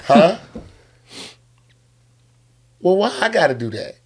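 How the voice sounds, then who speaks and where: Comedian doing chill street jesus, gravelly, asking why he gotta. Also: sits high, big pitch swings, slow pace, voice pushed up, full character voice. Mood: reluctant. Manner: casual street slang, questioning. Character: laid-back male Jesus, street-talking.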